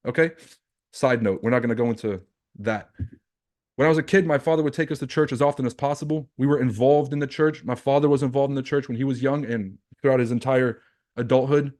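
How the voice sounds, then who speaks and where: A man's voice: mid-range voice, a little mellow. Blunt, profane man coaching live. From Lebanon. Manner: talks straight to viewers, rhetorical questions. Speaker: trading coach and livestream host. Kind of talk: livestream coaching talk.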